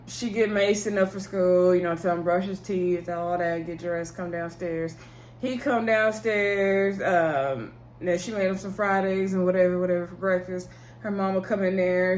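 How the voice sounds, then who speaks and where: A woman's voice: medium pitch, a little hiss or hum. A woman casually recapping a reality show episode, chatty and slangy, laughing and acting out what people said.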